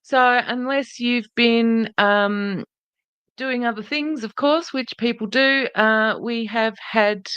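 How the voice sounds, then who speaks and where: A woman's voice: a little high, slow, a bit bright, clear, resonant tone, no room sound, muffled recording. A woman hosting a podcast livestream in a casual, chatty way, greeting viewers by name and speaking earnestly and indignantly. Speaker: podcast host.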